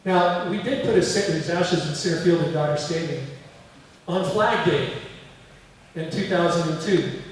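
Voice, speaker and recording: A middle-aged man with a fairly high voice tells lively stories to a museum audience. He is heard from some distance in a big echoing hall with long reverb. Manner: animated anecdotes, acting out quoted voices. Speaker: museum speaker. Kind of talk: storytelling lecture. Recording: echoey hall, distant mic.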